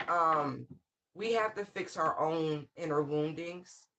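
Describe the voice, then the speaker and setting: Slow and forceful, this mid-range, bright voice comes through a muffled recording with slight background noise. A tarot reader rambles unscripted through a spiritual reading, bluntly and with plenty of swearing and wry asides, as laughter keeps interrupting her sentences.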